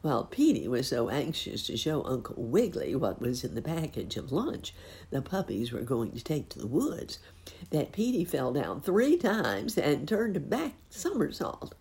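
A woman reading a children's storybook aloud in a gentle, expressive way. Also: rumbling low, moderate pace, vocal fry.

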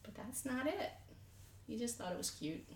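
A woman's voice: fairly high pitch, very animated, moderate pace. A young woman co-hosting a podcast in casual chat, rambling and self-deprecating, laughing often. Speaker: podcast co-host. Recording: echoey room.

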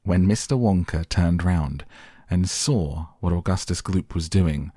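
Deep husky guy reading a kids book, dry close mic. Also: no echo. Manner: measured, expressive storytelling. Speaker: audiobook narrator. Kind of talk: storybook narration.

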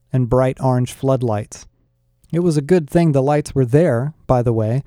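A man narrating a story in a wry, conversational manner. His voice is very dark and mellow at a middle pitch, recorded dry and close with no room sound. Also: smooth, no echo. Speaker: audiobook narrator. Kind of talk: scripted narration.

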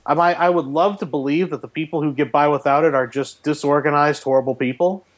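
A man with a somewhat high voice talks through his tech habits in casual podcast chat. He is animated and wry and pokes fun at himself. The tone is relaxed and conversational. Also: a little fast. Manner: animated, wry and self-mocking. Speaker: podcast co-host, professor.

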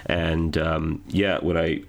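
A man talking as a guest on a voice-acting podcast, rambling with many fillers and pauses. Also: a bass voice, fairly even intonation, vocal fry. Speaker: guest voice actor. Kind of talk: casual podcast chat.

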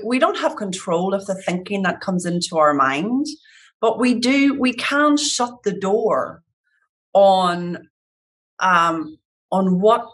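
Slow, gentle woman coaching. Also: mid-range voice. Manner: calm, gentle, reflective, unhurried. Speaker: coach or facilitator. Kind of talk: reflective coaching talk.

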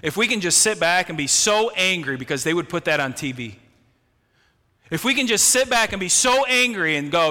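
A male pastor delivers an impassioned sermon in a church, his bright, forceful voice ringing with a long reverb. He swings between hushed, low moments and raised, emphatic bursts. He often repeats a word as he starts a new thought. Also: sing-song, normal speed. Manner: impassioned preaching, swinging from quiet to loud; repeats words when starting phrases. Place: church sanctuary.

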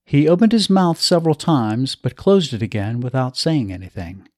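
A man reading a story aloud in a measured, expressive way. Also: medium pitch, no room sound, clean studio sound. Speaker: narrator.

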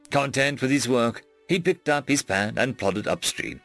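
Expressive gravelly male story reader. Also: medium pitch, normal speed, hardly any pauses, no room sound, faint music behind. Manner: expressive, dramatic reading. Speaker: story narrator. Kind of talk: scripted story reading.

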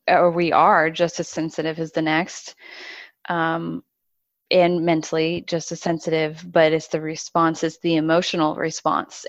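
A woman's voice: on the low side, no room sound, muffled recording. A woman who trains horses, talking in a friendly, rambling way with frequent laughs in casual conversation.

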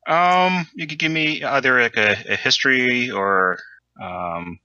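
A man runs a tabletop horror game, pausing often with ums and restarts. His voice is bright and cutting. The recording sounds dry and a little muffled. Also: mid-range voice, no room sound. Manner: hesitant, filler-heavy narration. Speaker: game master. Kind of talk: narrating a tabletop game and voicing NPCs.

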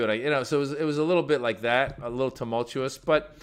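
A man's voice: mid-range voice, fairly even intonation, fast talker, clear, resonant tone. A male comedian who came from Iran as a child and grew up in the United States, telling stories in a casual interview with lots of restarts and fillers. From Iran, raised in the United States. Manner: rambling storyteller with many restarts and fillers. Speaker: comedian guest.

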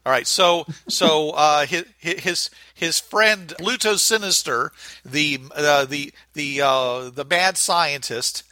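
A man's voice: a little high, slow, pushed and bright, no echo. A man playing in a tabletop game who narrates casually, rambling and hesitating with fillers. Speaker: player.

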